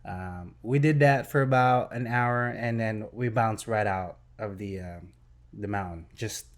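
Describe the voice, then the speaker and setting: A young man in casual podcast chat, telling a story in an animated, excitable way and acting out sound effects. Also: on the low side, unhurried. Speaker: podcast host.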